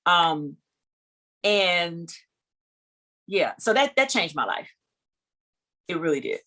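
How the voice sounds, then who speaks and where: A woman singer guesting on a podcast, telling an animated, expressive story in casual conversation. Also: fairly low pitch, slow pace.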